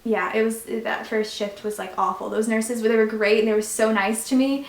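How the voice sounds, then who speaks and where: A woman's voice: fairly high pitch, normal speed. Chatty young woman, echoey room. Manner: chatty, many fillers, animated retelling. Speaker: vlogger. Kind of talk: casual storytelling.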